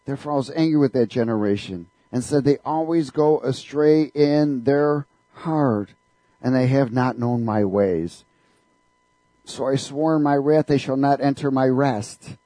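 A man delivers a fervent sermon in a church, throwing questions out to the congregation for them to answer back. His voice is mellow and warm. The recording is dry and close. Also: mid-range voice, a little slow, no room sound, rough recording. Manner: fervent, call-and-response preaching. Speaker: preacher.

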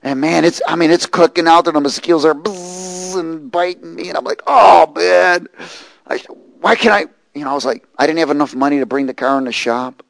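A man preaching a sermon, reading scripture and telling a lively personal story. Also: fairly high pitch, fast talker, hardly any pauses, no echo, poor audio. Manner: animated storytelling, rising to shouts and laughter.

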